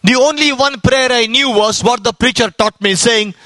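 A man preaching his testimony with fervent, repetitive storytelling and rising exclamations. His voice sits very high and rings bright and forceful. The sound is dry, with hardly any room around it. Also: moderate pace, no echo. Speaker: evangelist giving his testimony. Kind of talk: sermon testimony.

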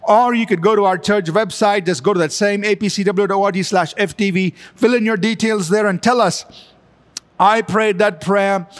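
A man with a high voice preaches a sermon from a church sanctuary. He stretches his phrases slowly and lifts them for emphasis. The sound carries the long reverb of a large hall. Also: fairly even intonation. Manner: slow, drawn-out preaching with emphatic rises. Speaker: pastor. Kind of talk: sermon with altar call prayer.

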